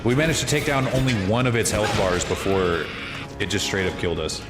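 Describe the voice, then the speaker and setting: Over loud music, a man with a voice on the low side keeps up a brisk, animated stream of casual gameplay commentary. He chats with viewers and swears freely, and the room gives his voice a long, echoey reverb.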